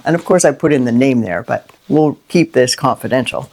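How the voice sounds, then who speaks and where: A middle-aged woman hosting a Christian inspirational video, talking unscripted and from the heart, with lively rhetorical questions and frequent "right?". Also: extremely low pitch, normal speed, hardly any pauses. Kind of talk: unscripted heartfelt monologue to camera.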